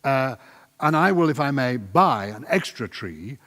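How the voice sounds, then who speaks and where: A man's voice: medium pitch, sing-song, measured pace, a bit bright. An older man hosting a live event on stage, telling a genial anecdote in conversation. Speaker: event host. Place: large hall on stage. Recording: long hall reverb.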